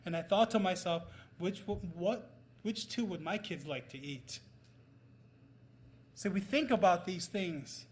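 A middle-aged pastor preaching with a notably high voice. He tells stories to the congregation, pushing some phrases out loudly and dropping others to a near murmur. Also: unhurried, long pauses. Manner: storytelling, swings from loud emphasis to quiet asides. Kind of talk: sermon.

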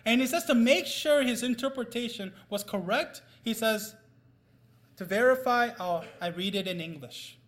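A middle-aged man preaching a sermon, telling a story with loud emphasis and quiet asides. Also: very high voice, normal speed. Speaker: pastor.

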